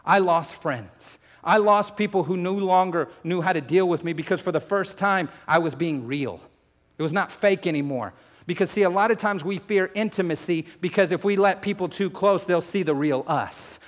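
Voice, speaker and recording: A man preaching a sermon, emotional, shifting between loud urgency and hushed confession, talking to the crowd as folks and family. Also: high-pitched, normal speed. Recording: long hall reverb.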